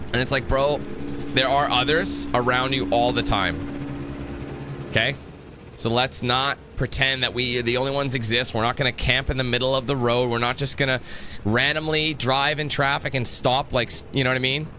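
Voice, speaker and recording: A man's voice: medium pitch, flat delivery, moderate pace, bright, forceful tone, a little hiss or hum. A man giving casual gameplay commentary, rambling into a profane rant. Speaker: gameplay video creator.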